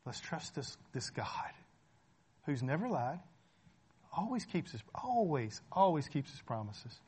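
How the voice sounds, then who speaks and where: A man's voice: fairly high pitch, very animated, measured pace, darkish tone, breathy edge. A man preaching a sermon in a conversational way, asking rhetorical questions, checking in with the listeners and repeating phrases for emphasis.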